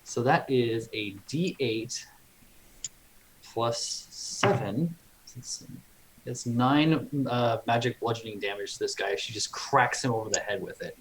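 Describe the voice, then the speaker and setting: A man's voice: mid-range voice, unhurried, rough recording. A man playing a tabletop game, vividly describing his character's actions and thinking aloud about the rules. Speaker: player.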